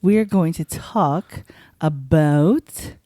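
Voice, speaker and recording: A woman's voice: low-pitched, extremely slow, mellow, dry recording, studio quality. A woman hosting a podcast in casual chat, who tells stories and acts out what people said. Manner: chatty, storytelling, acts out quotes. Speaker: podcast host.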